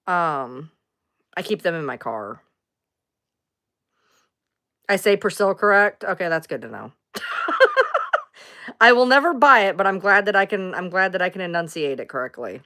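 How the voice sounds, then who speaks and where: A woman's voice: lowish voice, huge pitch swings, measured pace, pauses often, bright, forceful tone. A woman hosting a casual livestream, rambling loosely, answering chat comments and swearing now and then. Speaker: livestream host.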